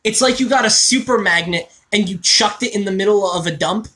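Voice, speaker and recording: Host guy in a toy shop, fast excited fan talk, high-ish voice, keeps restarting sentences. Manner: rapid, excitable, self-interrupting fan talk. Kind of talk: casual chat. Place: toy store.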